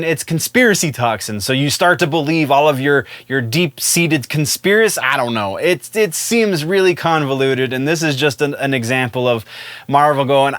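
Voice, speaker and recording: A man's voice: medium pitch, normal speed, fairly bright tone, no echo. A man hosting a casual solo commentary show, chatty and loose, with fillers and self-corrections. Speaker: host.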